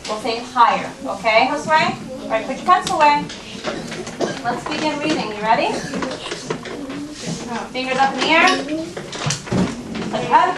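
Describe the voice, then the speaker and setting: High-voiced woman teaching first graders. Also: lively intonation. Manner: patient, coaxing, models reading slowly word by word. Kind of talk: classroom reading lesson. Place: classroom. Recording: roomy classroom audio from a distance, with background noise.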